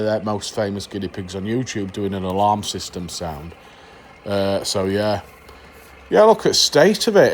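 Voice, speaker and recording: A middle-aged man talks casually to his viewers in a fairly low voice. He rants in mock outrage, full of jokes and clipped, dropped words. A faint hiss of noise sits behind him. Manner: jokey, mock-outraged, drops "the". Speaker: model railway vlogger. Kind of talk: casual chat to camera.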